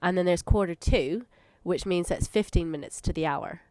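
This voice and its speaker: A woman's voice: lowish voice, moderate pace, darkish tone, dry recording, clean studio sound. A woman interviewing a guest for radio, friendly and a little hesitant. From England. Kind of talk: casual interview chat.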